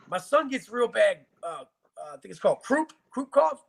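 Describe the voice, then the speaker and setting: A man's voice: very high voice, very animated, moderate pace, gravelly, fairly bright tone. A man from Virginia bluntly recounting hard times in a casual, profane, emotional interview. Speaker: guest telling his life story.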